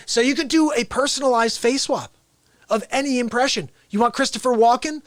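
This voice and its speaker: Excitable male talk show host. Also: very high voice, fairly quick, dry recording. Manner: excitable, salesy, addresses viewers directly. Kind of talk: live-streamed casual talk show.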